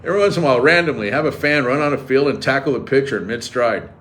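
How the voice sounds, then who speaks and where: A sports radio host riffs and cracks sarcastic jokes in animated, casual banter. His voice is medium-pitched and he talks very fast.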